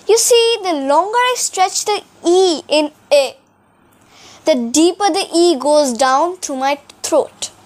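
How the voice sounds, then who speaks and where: A woman's voice: very high voice, animated, slow pace. A woman teaching French to beginners, speaking carefully and drawing out example words, in a room with a whiteboard. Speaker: French tutor. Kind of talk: beginner language lesson.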